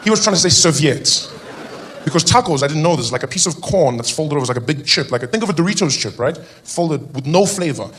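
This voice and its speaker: A man's voice: fairly high pitch, expressive, quick pace, fairly bright tone, slight background noise. A man from South Africa with a South African accent, performing a stand-up comedy routine and acting out characters in funny voices. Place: comedy stage before a live audience.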